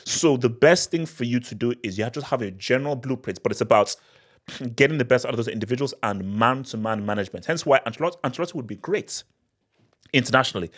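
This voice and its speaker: A man hosting a casual live question-and-answer stream, talking in an animated way with many restarts and frequent laughter. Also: mid-range voice, quick pace. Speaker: football channel host.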